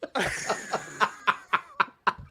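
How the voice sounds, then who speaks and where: A man doing a comic impression of a male football player crying with joy, in a wailing, high-pitched voice. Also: wildly swooping pitch, moderate pace, creaky, sharp tone, heavily acted.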